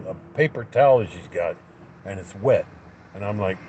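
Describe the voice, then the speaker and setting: A man's voice: fairly low pitch, moderate pace, mellow, a little hiss or hum, poor audio. A man angrily telling a story in a profane rant, acting out both sides of an argument. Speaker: livestreamer. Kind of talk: angry ranting story.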